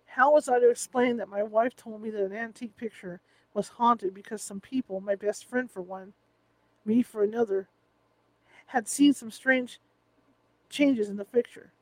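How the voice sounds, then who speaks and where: Man, high-pitched voice, first-person audiobook narration, wry asides, dry close mic. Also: normal speed, no echo, poor audio.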